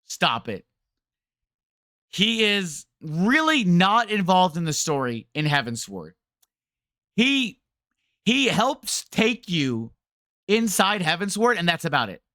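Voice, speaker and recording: A man's voice: high voice, sing-song, takes it slowly, bright, forceful tone, no room sound, clean studio sound. A man streaming a game, ranting to his chat in a rambling, sarcastic way. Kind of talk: casual game rant to chat.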